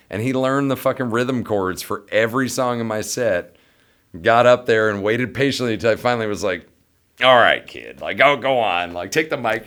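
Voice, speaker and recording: Low-voiced man telling a rowdy story. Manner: animated, profane, acts out quoted voices. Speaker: bandleader and musician. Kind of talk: casual storytelling among friends.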